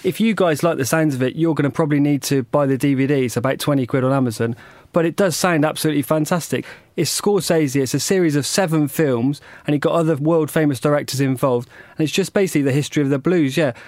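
A man's voice: a little high, quick pace, a little mellow, no room sound. A man co-hosting a radio show, easygoing and informative, a little rambling. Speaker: radio co-host. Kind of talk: casual chat.

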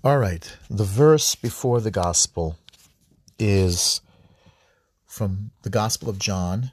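A man's voice: lowish voice, takes it slowly, pauses often, slightly rough. A man giving informal scripture commentary, earnest, often repeating words and restarting sentences. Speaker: Bible study host.

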